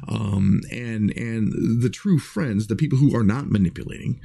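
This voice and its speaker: A man's voice: fairly low pitch, normal speed, vocal fry, dark tone, slightly rough. A man talking casually to his livestream viewers, earnest and rambling, with many fillers and restarts. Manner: earnest, reflective.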